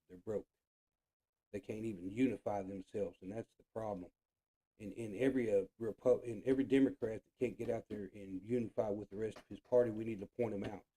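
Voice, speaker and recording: Dark-voiced, profane, ranting man. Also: fairly low pitch. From United States. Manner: profane, blunt and indignant, repeating points for emphasis. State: frustrated. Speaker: show host. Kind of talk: political rant monologue.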